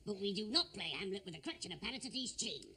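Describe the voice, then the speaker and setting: A woman's voice: mid-range voice, animated, rapid-fire, sharp tone. A woman playing a dismissive repertory company manager who coolly turns away a would-be star. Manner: cool, dismissive, dry. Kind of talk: 1950s radio comedy acting.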